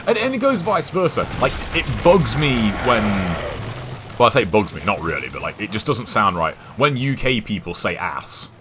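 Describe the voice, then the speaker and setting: Deep-voiced English man, chatty streamer. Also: big pitch swings, normal speed, background noise. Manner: rambling, chatty, swears casually. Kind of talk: casual chat while gaming.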